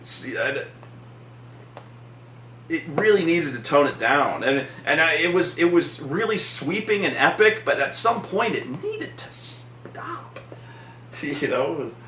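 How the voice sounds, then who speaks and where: A man's voice: fairly high pitch, slow pace, pauses often, a little hiss or hum. A man hosting a vlog, ranting casually and profanely about a film. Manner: profane, animated ranting with mocking put-on voices. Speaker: vlog host. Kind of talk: casual movie-review rant. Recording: echoey room, mic at a distance.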